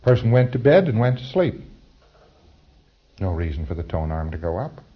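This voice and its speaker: Low-voiced man lecturing on dull tape. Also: sing-song, moderate pace, slightly rough. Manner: wry, conversational, with chuckles and mock dialogue. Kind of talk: recorded training lecture.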